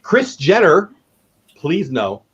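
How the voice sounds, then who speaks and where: A man's voice: a little high, big pitch swings, takes it slowly, husky, lo-fi sound. A man in his fifties hosting a casual livestream chat, rambling and repeating words as he talks. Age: 50s. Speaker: livestream host.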